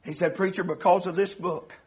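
A male preacher telling a story in a sermon, swelling into shouts and laughter. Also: sits high, fairly even intonation, a little fast.

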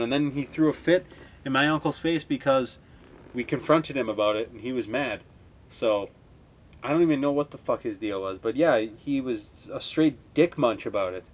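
A young man in his twenties from Wisconsin hosts a podcast, recounting things in a loose, meandering monologue. His talk is laid-back and full of swearing. The pitch of his voice sits in the middle for a man. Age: 20s. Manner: rambling, heavily profane, laid-back. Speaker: podcast host. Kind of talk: casual storytelling monologue.

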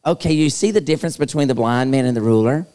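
A middle-aged youth speaker preaches to a live youth conference in a large hall, playfully teasing and talking straight to the crowd. His mid-range voice is dark in tone and fast. Long hall reverb fills the recording.

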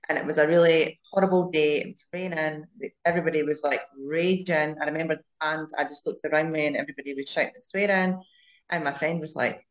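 A woman's voice: low-pitched, fairly even intonation, fairly quick, dull audio. A woman chatting earnestly and enthusiastically about her first football games. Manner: enthusiastic, earnest fan talk. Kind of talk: casual chat.

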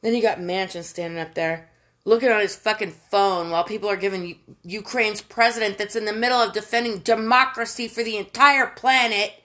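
A woman's voice: medium pitch, fairly even intonation, brisk, bright, forceful tone. A woman from the United States delivering a casual, profane political rant, exasperated and given to emphatic outbursts.

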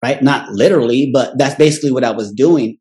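A man's voice: mid-range voice, dark tone. A man telling a candid personal story in a casual, profane way, tagging nearly every phrase with "right?" and briefly acting out family members' voices. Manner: profane and blunt; acts out family members in quick quoted voices.

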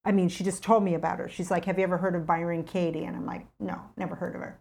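Animated middle-aged woman telling a story. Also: fast talker, creaky. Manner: animated, acts out her own past thoughts with rising pitch. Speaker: guest telling a personal story. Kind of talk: casual storytelling chat.

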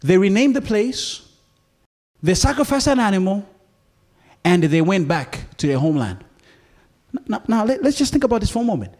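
A man's voice: high-pitched, big pitch swings, normal speed, long pauses, a little mellow. A male preacher giving a sermon, pleading with the congregation and often checking in with them. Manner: impassioned, pleading, often asks "you feel me?".

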